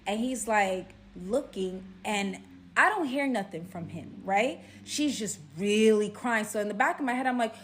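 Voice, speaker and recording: A woman's voice: medium pitch, measured pace, fairly bright tone, a little hiss or hum. A young woman from Brooklyn, telling a dramatic story in a chatty way, full of "like" and "right?". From Brooklyn, New York. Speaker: storyteller vlogger. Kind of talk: casual storytime.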